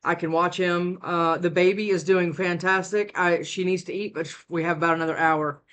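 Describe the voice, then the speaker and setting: A woman's voice: fairly low pitch, fairly even intonation, normal speed, a bit bright, smooth. A worn-out woman giving a casual tarot reading at home into a close desk mic, rambling with many restarts. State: worn out from lack of sleep. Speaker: tarot reader. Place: indoors at home.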